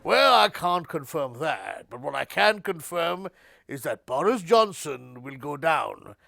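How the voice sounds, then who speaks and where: Male comic guest, heavy gravel in the voice, dry one-liner delivery. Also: a little high, very animated, a little slow, pushed and bright, no echo. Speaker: comic guest playing an English lord.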